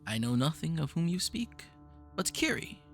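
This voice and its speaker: A man voicing a grandiose, eccentric male mage who is touchy and theatrical, with a lively gravelly voice. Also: a little high, moderate pace, faint music behind, pitched above the performer's own voice.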